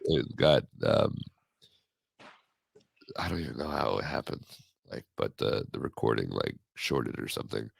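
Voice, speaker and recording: A man's voice: rumbling low, animated, measured pace, vocal fry, long pauses, slightly rough, dry recording. A young man hosting a podcast, chatting casually in a rambling, joking way. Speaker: podcast host. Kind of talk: casual chat.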